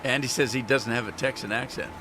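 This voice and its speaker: A man's voice: medium pitch, steady tone, quick pace, background noise. A man chatting casually on a live stream, talking candidly and rambling with frequent restarts.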